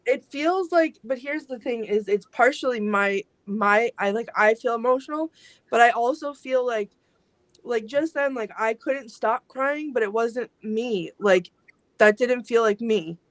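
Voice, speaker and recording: A woman's voice: a little high, unhurried, no echo. A woman investigating alone in a basement, talking over a video call in a hesitant, rambling, emotional way. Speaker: paranormal investigator. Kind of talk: live remote ghost hunt chat. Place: basement of old building.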